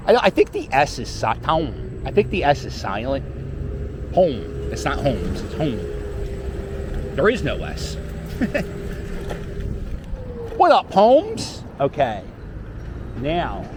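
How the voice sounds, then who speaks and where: A man's voice: mid-range voice, sing-song, measured pace. A middle-aged man, chatting casually and joking with some cursing as he rides through city streets. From Philadelphia. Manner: rambling, joking, profane. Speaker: vlogger riding a scooter. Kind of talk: casual chat while riding. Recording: faint street noise.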